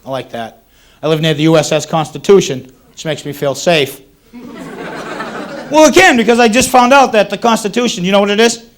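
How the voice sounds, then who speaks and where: Taped for 1980s cable TV, a stand-up comedian in his thirties from around Boston pokes wry fun at himself while the club audience laughs. He speaks a little fast in a high-pitched voice, with a bit of hiss or hum on the tape.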